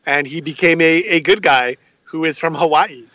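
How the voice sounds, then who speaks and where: A man's voice: a little high, sharp tone, no room sound. A man co-hosting a podcast, chiming in with enthusiastic agreement and jokes about old wrestling shows. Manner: enthusiastic, quick agreeing interjections, joking. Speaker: podcast co-host. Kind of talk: casual chat reviewing old wrestling shows.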